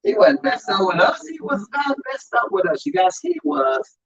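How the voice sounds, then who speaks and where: Male undertaker speaker, emphatic preacher cadence, husky, swinging pitch, dull live audio. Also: normal speed. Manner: animated, emphatic storytelling, addresses crowd as y'all. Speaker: undertaker giving a talk on grief. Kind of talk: preaching-style talk to an audience.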